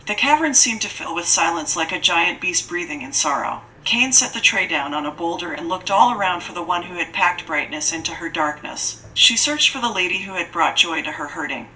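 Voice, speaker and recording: A woman narrating a mystery audiobook in a steady storytelling delivery. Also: on the low side, a little fast, hardly any pauses, a little hiss or hum, rough recording.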